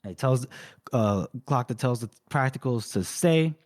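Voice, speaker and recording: A man's voice: medium pitch, animated, measured pace, darkish tone. Casual man retelling a story. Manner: rambling retelling with quoted dialogue and fillers. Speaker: podcast co-host. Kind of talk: casual book recap.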